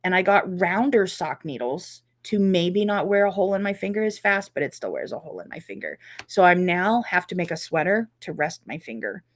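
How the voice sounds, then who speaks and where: Animated chatty woman, lively pitch. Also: brisk, hardly any pauses. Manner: chatty, animated, reacts to viewers. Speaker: quilting channel host. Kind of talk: casual live chat reading comments.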